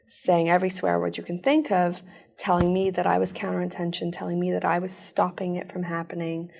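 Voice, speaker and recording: A woman giving an earnest personal account in an interview, telling it in rushed bursts. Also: on the low side, vocal fry, darkish tone. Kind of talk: personal testimony.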